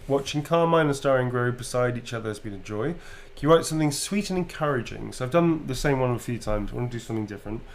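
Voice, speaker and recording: A man chats playfully during a live autograph stream, casual and quick to laugh. His mid-pitched voice carries a gravelly fry. A faint noise hangs underneath the recording. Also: lively intonation. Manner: playful, chatty, laughs easily. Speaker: actor signing autographs on a livestream.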